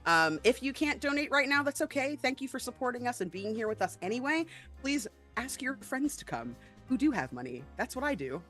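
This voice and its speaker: A woman hosting a charity game stream, chatty and excitable, with many ums. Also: on the high side, fairly quick, soft background music. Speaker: stream host.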